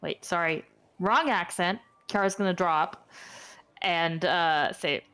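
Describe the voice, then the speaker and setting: A woman's voice: on the low side, slow pace, fairly bright tone, clear, resonant tone. A woman playing a tabletop game, hesitantly thinking aloud about her moves. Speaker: player. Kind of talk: casual tabletop play.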